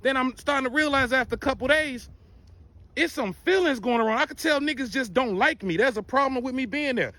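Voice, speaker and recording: A man telling a profane, animated personal story in casual storytime style. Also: very high-pitched, fairly quick, no room sound.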